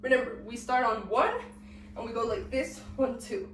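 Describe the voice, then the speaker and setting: A woman's voice: fairly high pitch, moderate pace, distant mic, a little hiss or hum. A young woman, sick and out of breath, teaching a dance step by step and counting the beats aloud while she moves. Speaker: dance tutorial host. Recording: echoey room, voice off-mic.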